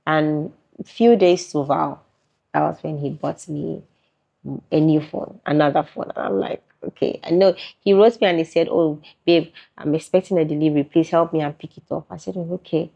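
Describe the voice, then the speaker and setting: A chatty woman with a Nigerian accent answers interview questions in a low voice, laughing often. The recording is muffled and lo-fi. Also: steady tone, moderate pace, gravelly, dark tone. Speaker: interviewee, content creator.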